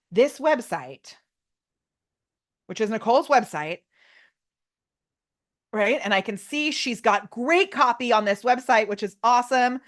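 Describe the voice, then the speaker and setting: A woman runs a live online workshop, demoing on screen with loud, bubbly excitement. She laughs often and keeps her voice at an ordinary middle pitch. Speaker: workshop presenter.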